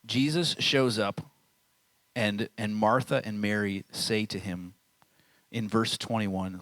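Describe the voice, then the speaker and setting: A man's voice: on the low side, expressive, slow, fairly bright tone, dry recording, low-quality recording. A man in his thirties giving a camp sermon, telling the story casually and acting out the people he quotes. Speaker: camp speaker.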